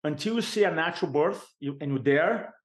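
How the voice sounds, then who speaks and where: Animated man telling a story. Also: fairly high pitch. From Brazil. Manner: animated, emphatic storyteller with vivid pauses. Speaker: podcast guest. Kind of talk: personal storytelling.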